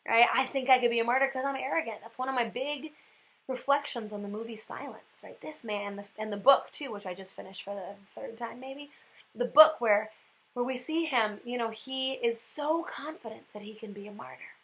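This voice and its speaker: A woman giving a casual spiritual reflection on her vlog, animated and chatty, with lots of "like" fillers. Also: a little high, normal speed, poor audio. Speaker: Catholic speaker and vlogger.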